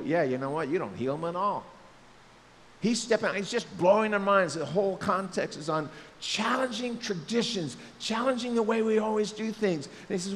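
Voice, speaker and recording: A male pastor giving a lively sermon, joking and acting out quotes in different voices. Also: sits high, moderate pace, in a large hall, slight background noise. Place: church sanctuary.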